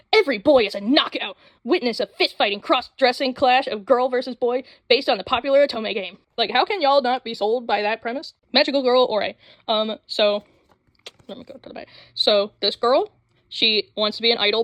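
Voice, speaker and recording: A young woman rambling excitedly about anime in a casual vlog, full of fillers and sudden jumps in voice. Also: mid-range voice, dry recording. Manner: rambling, excitable, with frequent fillers and quick voice switches. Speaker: anime vlogger. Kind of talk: casual chat. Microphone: phone mic.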